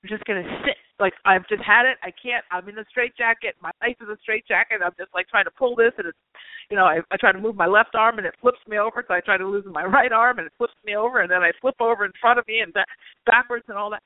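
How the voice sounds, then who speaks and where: A man's voice: high-pitched, quick pace, no room sound. A man hosting a spiritual talk show, chatting casually and peppering his talk with "you know" and "like". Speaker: spiritual reader and show host. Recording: tinny phone-line sound, dry.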